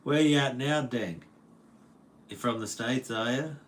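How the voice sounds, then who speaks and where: This livestream host, an Australian man at home, keeps things relaxed and playful as he goes through comments, laughing a lot and dropping plenty of slang. He talks a little slowly in a mid-range voice, and there's a slight hiss or hum.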